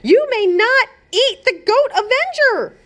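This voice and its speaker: A woman's voice: very high voice, lively intonation, takes it slowly, fairly bright tone, pitched above the performer's own voice, exaggerated voice. A woman voicing a brave princess hero in a mask in a storybook read-aloud, with a firm, determined manner.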